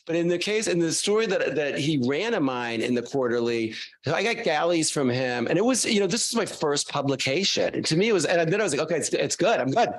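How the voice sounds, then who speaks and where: A man, a guest author, telling animated, self-mocking stories casually to a class. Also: a little high, a little fast, hardly any pauses.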